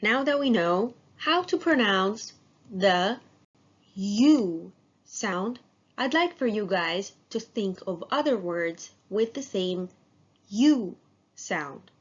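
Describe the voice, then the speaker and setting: A woman teaching an English phonics lesson, modeling sounds slowly and praising students as they repeat. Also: mid-range voice, expressive, breathy edge. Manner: slow, drawn-out, encouraging drill. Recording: dull lo-fi sound.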